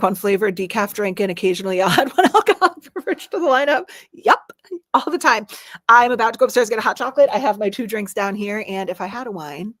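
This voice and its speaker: A woman in her thirties hosting a casual live stream, chatty and animated with frequent laughs. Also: medium pitch, no echo, studio quality. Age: 30s. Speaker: livestream host.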